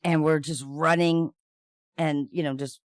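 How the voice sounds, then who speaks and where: Co-host with a smooth, clear voice, wry delivery, dry close sound. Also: medium pitch, steady tone, measured pace, no echo. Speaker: podcast co-host. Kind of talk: casual chat, reading news stories.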